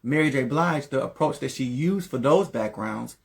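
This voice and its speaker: A man talks through recording backing vocals in an easy, relaxed manner. He pauses and restarts as he thinks, and his voice sits at an ordinary middle pitch. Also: gravelly. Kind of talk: casual explanatory chat.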